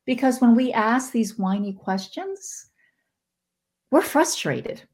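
Animated woman giving a motivational talk. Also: slow. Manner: animated, with sudden pitch jumps into quoted voices. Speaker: podcast guest, spiritual teacher.

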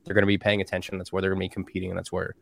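A man's voice: low voice, completely flat delivery, very fast, creaky. A man co-hosting a podcast, talking casually with strong opinions. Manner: opinionated, mocking impressions. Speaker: podcast co-host. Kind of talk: casual chat.

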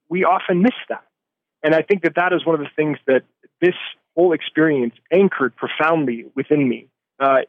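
A man's voice: mid-range voice, no echo. Man, interviewee, earnest and reflective, restarts and fillers, dry tinny phone-line sound. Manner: earnest, thoughtful, frequent "I mean" and restarts. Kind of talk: reflective storytelling.

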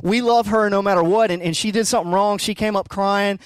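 A man in his thirties preaching a casual sermon as pastor, talking in halting restarts with joking asides. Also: high-pitched, fairly even intonation, clear, resonant tone, no room sound. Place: darkened church auditorium.

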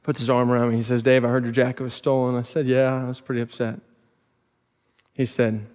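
A pastor telling personal stories in a sermon, building to emphatic preaching before a congregation. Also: male voice, mid-range voice, level tone, a little fast, darkish tone. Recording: long reverb of a large hall.

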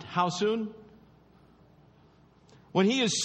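A man preaching a sermon in an emphatic, repetitive way, often sinking to low, quiet stresses. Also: lively intonation, a little slow, breathy edge, big-room sound.

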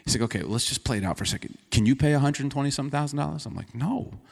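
A man's voice: medium pitch, rapid-fire, creaky. A male pastor preaching a sermon in a conversational storytelling way, acting out dialogue. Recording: reverberant hall.

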